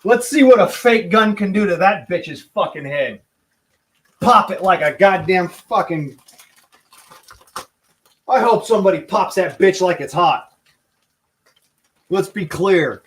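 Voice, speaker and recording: High-pitched man, furious profane vlog rant. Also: expressive, takes it slowly, long pauses. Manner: heated, swearing constantly. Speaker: vlogger.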